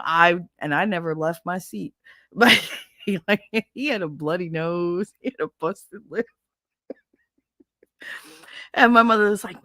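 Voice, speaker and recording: A middle-aged woman hosting a casual show, telling a story in a lively way, with plenty of swearing, and putting on the voices of the people in it. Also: on the low side, unhurried, pauses often, no room sound, studio quality. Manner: animated, swearing, acts out voices in retelling. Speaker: host.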